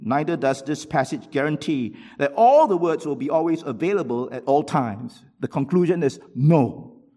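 Emphatic, husky-voiced male preacher. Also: lively intonation, normal speed. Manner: emphatic, swings from loud rhetorical questions to low asides; reads quotations aloud from books. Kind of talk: sermon.

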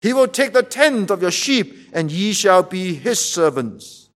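A man's voice: sits high, big pitch swings, a little slow. A man preaching a sermon, emphatic and repeating rhetorical questions to drive his point home.

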